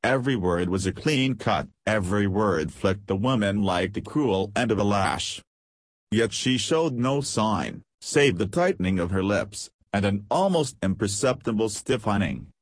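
Male audiobook narrator, low voice, dry close recording, measured pace. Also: no room sound. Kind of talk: scripted narration.

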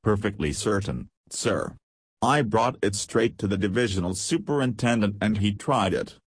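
A polite, deferential manservant who answers in short, respectful replies, as a man reads him in an audiobook. His voice sits a little above the reader's own low, husky tone, and the recording is dry and close. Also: animated, normal speed, no echo.

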